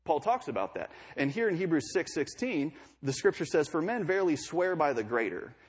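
Husky-voiced young man preaching. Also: fairly high pitch, sing-song, brisk. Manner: conversational preaching with joking asides. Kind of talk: sermon.

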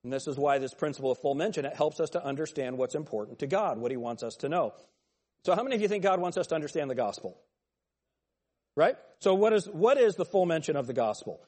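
A man's voice: a little high, lively intonation, fast, darkish tone. A man teaching a Bible class, talking conversationally, joking and calling on students by name. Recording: long hall reverb.

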